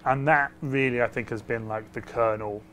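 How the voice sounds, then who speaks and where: A game developer talking casually about a design, hesitant and full of fillers. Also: male voice, mid-range voice, steady tone, normal speed, a bit bright, slight background noise. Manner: hesitant, many fillers and restarts.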